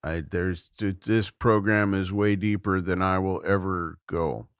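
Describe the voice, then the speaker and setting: A man's voice: low voice, steady tone, a little slow, smooth, no room sound. A middle-aged man hosting a casual livestream from a room at home, rambling easily and thinking aloud. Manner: rambling, easygoing, thinks aloud with many restarts. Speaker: livestream host.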